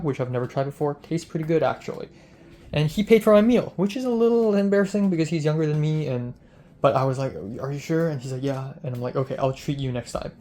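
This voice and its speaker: A man's voice: mid-range voice, warm tone, slight background noise. A young man, a film student, telling a casual vlog diary in a rambling way, full of "like" and retold bits of dialogue.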